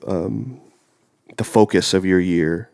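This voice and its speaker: Congested young man with a gravelly low voice. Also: slow pace, a little mellow. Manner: rambling, filler-heavy. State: congested from a cold. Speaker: podcast co-host. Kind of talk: casual chat.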